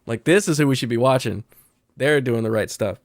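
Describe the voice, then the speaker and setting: A man's voice: medium pitch, fairly quick, no echo, clean studio sound. A man co-hosting a casual livestream podcast, laid-back and chiming in with short agreements. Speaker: podcast co-host.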